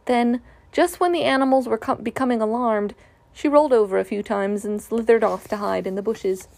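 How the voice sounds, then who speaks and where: A woman reading a children's storybook aloud in a gentle, even way. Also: fairly high pitch, fairly quick, creaky.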